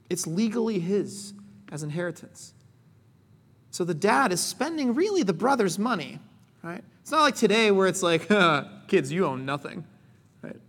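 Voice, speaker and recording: High-voiced conversational preacher. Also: male voice. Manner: conversational, with frequent "right?" asides; animated, acts out quotes. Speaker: pastor. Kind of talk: sermon. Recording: long hall reverb.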